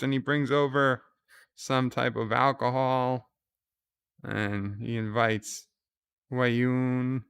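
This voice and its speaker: A man's voice: medium pitch, steady tone, slow pace, gravelly, long pauses, a bit bright, clean tone. A man hosting a live reaction commentary, casually retelling scenes with fillers and restarts. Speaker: channel host recapping an episode.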